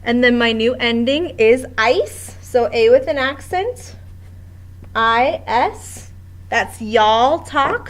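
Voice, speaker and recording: A woman's voice: a little high, animated, takes it slowly. A woman teaching a Spanish grammar lesson at a board in a classroom, explaining step by step with patience.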